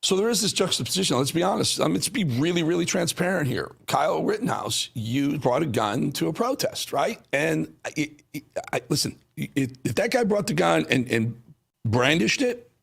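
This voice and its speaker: A man's voice: fairly high pitch, expressive, normal speed, vocal fry, a bit bright, breathy edge. A man hosting a news talk show, delivering combative, sarcastic commentary on played clips.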